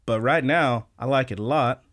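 Young dude on a podcast, hyped, swears a lot, average pitch. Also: male voice, moderate pace. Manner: excitable, swears freely, quotes scenes in voices. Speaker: podcast co-host. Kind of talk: casual chat.

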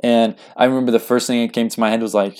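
A young man telling a personal story in casual speech, earnest and halting, with lots of fillers. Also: mid-range voice, fairly even intonation, a little mellow. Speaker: guest.

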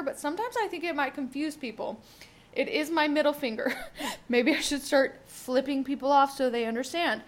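A young woman talking candidly on her own podcast, rambling and swearing freely as she thinks aloud. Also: high voice. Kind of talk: casual solo podcast monologue.

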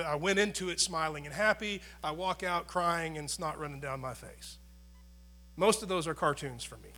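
A middle-aged male pastor with a high, bright, forceful voice delivers a conversational sermon. He talks earnestly, punching some phrases loudly and dropping others to near-quiet asides. A faint electrical hum sits under the recording. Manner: conversational, earnest, swings between loud emphasis and quiet asides.

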